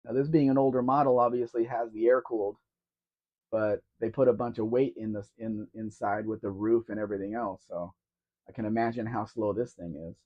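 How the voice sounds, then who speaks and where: A man's voice: on the low side, fairly even intonation, fairly quick. A man co-hosting a casual live question-and-answer stream, musing offhand about old cars. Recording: dull lo-fi stream audio.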